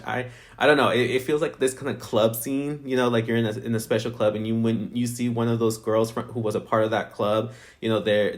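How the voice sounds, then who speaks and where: Chatty man rambling a reality review. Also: fairly low pitch. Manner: rambling, filler-heavy, chatty. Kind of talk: casual review chat.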